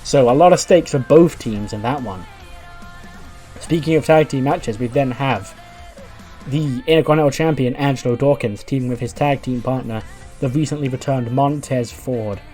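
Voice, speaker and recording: A man's voice: medium pitch, normal speed, dark tone, soft background music. Chatty man narrating a wrestling sim. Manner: chatty, recapping results with rising enthusiasm. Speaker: game player and narrator. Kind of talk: casual let's-play commentary of a wrestling management game.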